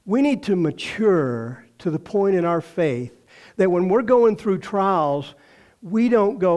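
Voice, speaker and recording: Older man, Texan accent, pastor preaching, high-pitched voice, folksy storytelling. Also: lively intonation, slow, darkish tone. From Texas. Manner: folksy storytelling, acts out quoted voices, laughs often. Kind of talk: sermon.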